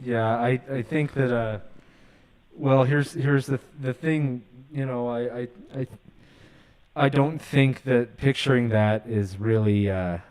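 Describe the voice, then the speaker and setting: A man's voice: medium pitch, takes it slowly, a little mellow, rough recording. Earnest, apologetic male talk host. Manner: earnest and apologetic, with nervous laughs. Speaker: radio show host. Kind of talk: call-in show hosting.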